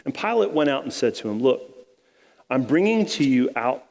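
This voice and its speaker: A man's voice: medium pitch, very animated, moderate pace, creaky, darkish tone, long reverb tail. A male pastor preaching a sermon in a casual, conversational way, retelling scripture in everyday slang.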